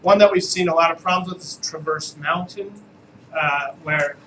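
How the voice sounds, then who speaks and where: A man's voice: fairly high pitch, normal speed, pushed and bright, a little hiss or hum, low-quality recording. A man, an attorney, giving a casual, joking live training talk to real estate agents and asking the room questions.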